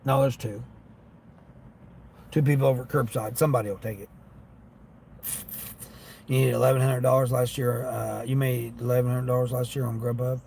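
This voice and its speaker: A man's voice: medium pitch, level tone, moderate pace, gravelly, pauses often, warm tone, a little hiss or hum. A man livestreaming while driving for delivery apps, chatting casually and complaining about customers who don't tip. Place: in a car.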